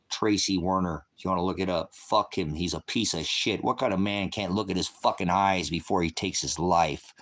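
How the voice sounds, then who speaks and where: A middle-aged man with a lowish voice holds forth in an angry livestream rant. He swears constantly and bursts into heated outbursts as he addresses his viewers. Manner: angry, profane, shouting outbursts. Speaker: livestream host. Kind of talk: ranting livestream monologue.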